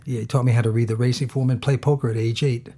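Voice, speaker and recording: A man's voice: mid-range voice, little pitch movement, fast talker, dark tone. A middle-aged man from the United States, a guest in an interview, telling casual anecdotes and acting out other people's lines. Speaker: actor and poker player, interview guest.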